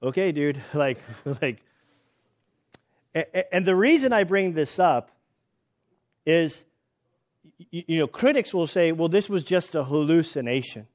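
Animated preaching man, lo-fi sound. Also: on the high side, a little slow, long pauses. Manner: conversational, animated storytelling with restarts. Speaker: pastor. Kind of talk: sermon. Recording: dull lo-fi recording.

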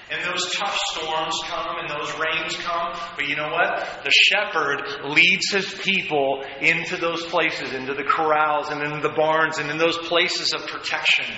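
Pastor preaching in a big echoey hall. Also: male voice, fairly high pitch, steady tone, a little slow, bright, forceful tone. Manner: conversational preaching, rising into fervent prayer. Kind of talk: sermon. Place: church hall. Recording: echoey hall, dull sound, faint noise.

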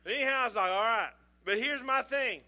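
Middle-aged man, pastor telling a sermon story, chatty, chuckling, bright tone. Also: extremely high pitch, fast. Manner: folksy, chuckling, conversational.

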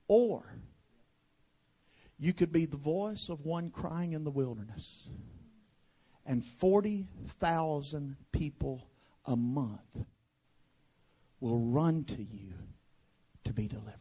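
A pastor from West Monroe, Louisiana, with a Southern accent, preaching a fiery sermon to a congregation. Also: male voice, a little high, highs cut off. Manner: fiery preaching, swinging from hushed to shouted.

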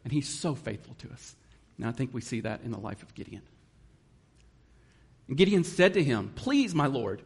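A man's voice: medium pitch, animated, normal speed, vocal fry, pauses often, breathy edge. A man preaching a sermon in an earnest manner, reading scripture and explaining it. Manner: earnest, emotional at times, reads scripture aloud. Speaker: guest preacher.

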